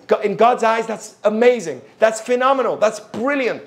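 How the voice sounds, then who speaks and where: High-voiced man telling a Talmud story. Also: moderate pace. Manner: animated storyteller, rhetorical questions to listeners; drops into Hebrew terms and explains them. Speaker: religious teacher. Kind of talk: Torah lesson storytelling.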